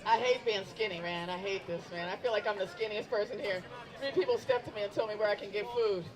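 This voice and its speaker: A woman's voice: medium pitch, fast talker. A middle-aged woman doing a stand-up set outdoors, teasing herself and bantering with the crowd. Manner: self-deprecating, bantering with the crowd. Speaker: stand-up comedian. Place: outdoor event. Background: crowd of onlookers.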